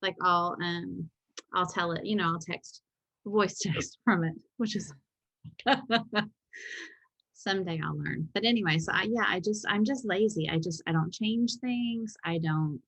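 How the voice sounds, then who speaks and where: A woman's voice: fairly low pitch, measured pace, fairly bright tone, no echo. A woman co-hosting a podcast, telling rambling, self-deprecating stories in casual chat. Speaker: podcast co-host.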